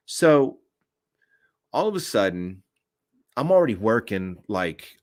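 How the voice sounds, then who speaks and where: A man's voice: fairly low pitch, a little slow, pauses often, no echo, clean studio sound. A man hosting an open-mic podcast, telling a work story in a blunt, profane way and acting out what was said. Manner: blunt and profane, animated retelling with acted-out quotes. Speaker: podcast host. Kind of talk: unscripted storytelling rant.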